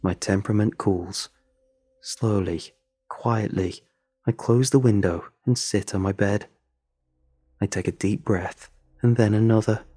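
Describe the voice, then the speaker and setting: Low, husky male storyteller. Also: unhurried, pauses often, mellow, no echo. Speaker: narrator. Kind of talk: first-person horror story narration.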